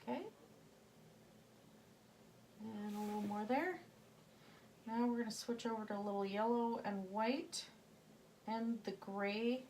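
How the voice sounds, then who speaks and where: A woman's voice: a little high, a little slow, pauses often, a little mellow, a little hiss or hum. A woman with a slight Southern US accent, giving a chatty painting tutorial and thinking aloud as she works, sometimes dropping to a murmur. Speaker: painting instructor.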